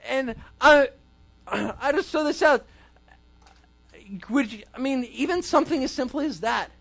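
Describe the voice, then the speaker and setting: Youth group speaker, male, high-pitched, relaxed sermon delivery with a chatty, questioning tone. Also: measured pace, creaky. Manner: conversational, frequent ums, rhetorical questions. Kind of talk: casual sermon.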